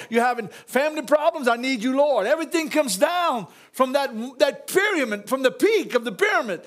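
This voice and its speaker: A man with a strikingly high voice preaches in his church. He works the congregation with call-and-response, bursting into laughter and raising his voice to a shout. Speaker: pastor. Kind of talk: sermon.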